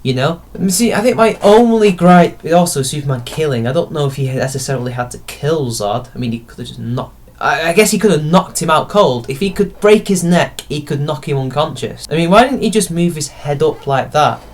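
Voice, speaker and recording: Man, young adult, casual vlogger reviewing films; opinionated, rambling delivery, voice sits a touch high. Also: fairly quick. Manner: rambling, opinionated, self-correcting. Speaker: film reviewer.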